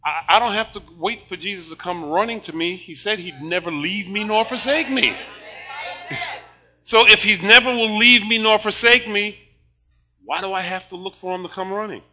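An older man preaching a sermon, animated and laughing often, moving between shouted praise and quiet storytelling. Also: high-pitched, moderate pace, some chatter behind, poor audio. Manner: laughs often while talking.

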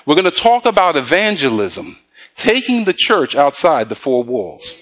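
A man preaches a morning sermon in a high, slightly bright voice whose pitch swings widely as he speaks. He repeatedly tosses questions back to the congregation for call-and-response, and he draws out the scripture he reads aloud.

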